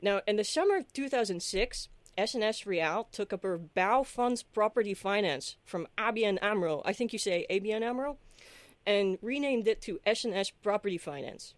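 A woman's voice: mid-range voice, lively intonation, normal speed, no echo, lightly acted. A woman doing a put-on Dutch accent, playing a mock-earnest middle-aged Dutch man who lectures through financial details on a podcast. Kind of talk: podcast comedic impression.

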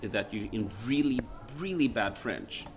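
A man's voice: medium pitch, moderate pace, slight background noise. A man whose first language is Swedish, a radio presenter and podcast guest, telling stories animatedly and acting out quotes. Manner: animated storyteller, acts out quotes. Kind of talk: casual interview chat.

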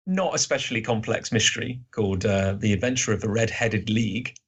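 A man in his thirties, a podcast guest, chatting in a rambling, self-deprecating way with lots of fillers and a slightly husky voice. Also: lowish voice, brisk, a bit bright. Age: 30s. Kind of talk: casual podcast chat.

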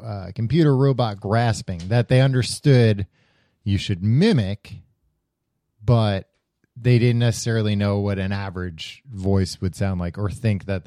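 A man co-hosting a casual movie podcast, animated and laughing often, with plenty of fillers. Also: lowish voice, no echo, clean studio sound. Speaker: podcast co-host. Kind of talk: casual chat about movies.

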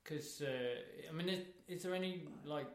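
Wry rambling podcast cohost. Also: male voice, fairly high pitch, normal speed. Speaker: podcast co-host. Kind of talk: casual comedic chat. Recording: echoey room.

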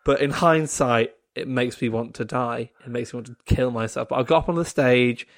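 A man on a podcast spins a long, self-deprecating story in a casual, rambling way. He keeps breaking into laughter at his own awkwardness. His voice sits at an ordinary middle pitch. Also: normal speed. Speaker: comedian guest. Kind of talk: casual anecdote telling.

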